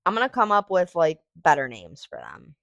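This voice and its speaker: A woman's voice: low-pitched, huge pitch swings, normal speed, gravelly, a bit bright, dry recording. A woman hosting a casual solo podcast, rambling and thinking aloud with lots of fillers, swearing and sing-song noises as she reviews a product. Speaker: podcast host reviewing cannabis.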